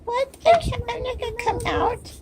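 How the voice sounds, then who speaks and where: A woman's voice: very high-pitched, lively intonation, normal speed, vocal fry, noisy background, pitched above the performer's own voice, full character voice. A woman voicing a reluctant mother dog.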